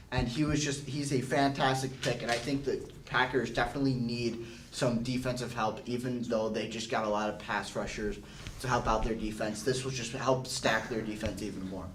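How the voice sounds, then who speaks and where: A man's voice: mid-range voice, roomy sound, recorded from a distance, a little hiss or hum, poor audio. A young man in a casual group chat, speaking in a subdued way. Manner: subdued, reluctant. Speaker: panelist.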